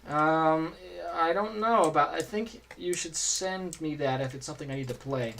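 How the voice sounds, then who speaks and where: A man's voice: a little high, normal speed, fairly bright tone, slight background noise. A man streaming a video game, chatting and joking casually as he plays and answers chat. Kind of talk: casual gameplay commentary.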